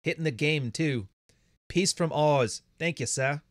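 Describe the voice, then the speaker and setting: A man's voice: fairly high pitch, unhurried, no room sound, clean studio sound, natural voice. A man voicing a cheerful male viewer with an Australian accent, friendly and breezy.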